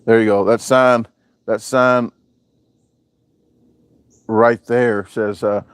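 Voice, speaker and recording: A man hosting a casual live chat from home shows his backyard on camera while reading out viewer comments and joking. He rambles in a southern-US way of talking, with a lowish voice and level tone, speaking slowly with frequent pauses. The recording is dry.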